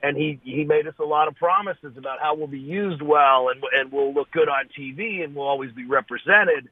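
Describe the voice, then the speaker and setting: A man telling a story as a podcast guest, animated and swearing freely. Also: on the high side, normal speed. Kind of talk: casual storytelling. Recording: tinny phone-like line, dry.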